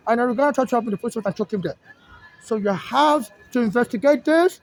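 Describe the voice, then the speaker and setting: Agitated high-voiced Nigerian man. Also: lively intonation, fast, dry recording, low-quality recording. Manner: agitated, repetitive, addresses an official directly. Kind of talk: direct-to-camera complaint. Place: outdoors in a city.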